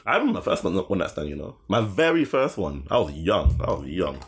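A young man with a deep, husky voice tells a rambling story, swearing freely and laughing as he goes. His pitch swings widely as he acts out what each person said. This is a loose, casual podcast chat. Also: sing-song, a little fast.

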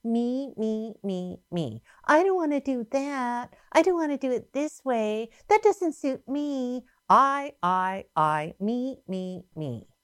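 A woman's voice: fairly high pitch, animated, slow pace, hardly any pauses, smooth, dry recording. Whiny me-me-me devil, a lady preacher putting him on, sing-song, dry sound. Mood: whining. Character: selfish boastful male devil, whining.

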